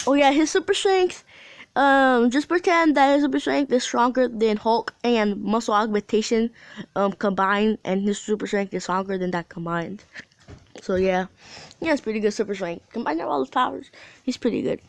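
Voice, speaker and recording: Woman rambling thru a fan story, kinda high voice, lots of ums, dry sound. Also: normal speed, vocal fry, no echo. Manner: rambling, many fillers and restarts.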